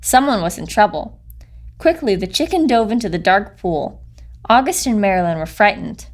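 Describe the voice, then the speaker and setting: Picture-book reader, woman, gentle and expressive, lively intonation, studio recording. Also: medium pitch, normal speed. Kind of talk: reading a picture book aloud.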